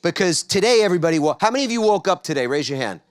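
A middle-aged man from New York delivers a motivational talk at a large conference. His voice sits a little high and rises and falls with lively energy. He keeps prompting the audience to answer him back. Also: racing. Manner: energetic, engages audience with call-and-response questions. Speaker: keynote speaker. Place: large conference stage before a live audience.

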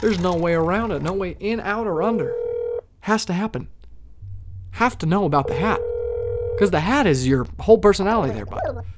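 A man doing live commentary on a horror game, joking and cursing as he talks to the characters at his door, swinging from loud mock cheer to muttered asides. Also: high voice, animated, moderate pace, pauses often, noisy background. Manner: jokey, profane, talks to game characters as a doorman. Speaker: let's play streamer.

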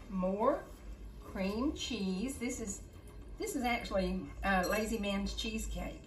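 An older woman hosts a casual cooking demo, coaxing her grandchild in a sing-song, baby-talk manner. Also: mid-range voice. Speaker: host. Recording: echoey kitchen, faint noise.

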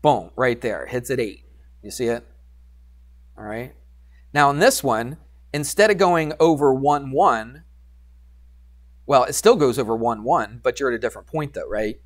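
A man teaching algebra to a class, animated and teasing, coaxing students with questions. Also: medium pitch, normal speed, pauses often. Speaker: high school math teacher. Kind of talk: classroom lecture.

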